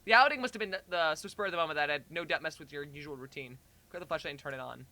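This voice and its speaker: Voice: medium pitch, fast talker, bright, forceful tone. A streamer with a slightly strained throat, reading a second-person story aloud and breaking off to baby-talk a pet cat. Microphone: headphones and desk mic.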